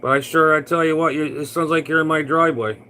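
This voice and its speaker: A man's voice: fairly high pitch, fairly even intonation, fast, bright, forceful tone, slight background noise, low-quality recording. A man, a CB radio operator from Florida, chatting casually on air in a folksy, rambling way with lots of fillers.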